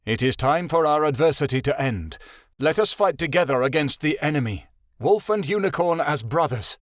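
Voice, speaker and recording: A man's voice: a little high, animated, moderate pace, dry recording, studio quality, pitched above the performer's own voice, natural voice. A man voicing a noble male unicorn stallion in an audiobook, speaking in a formal, proclaiming manner. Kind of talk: audiobook character voice.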